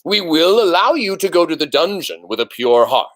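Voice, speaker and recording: A man voicing a stern, pompous elder head mouse who hands down judgments slowly. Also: big pitch swings, a bit bright. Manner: slow, booming, pompous pronouncements.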